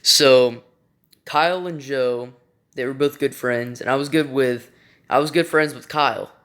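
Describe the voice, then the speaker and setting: A young man tells a story at an unhurried, slow pace in a bright, smooth voice. He rambles and swears freely. His sentences are full of fillers and restarts. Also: mid-range voice. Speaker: vlogger. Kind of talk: casual storytime.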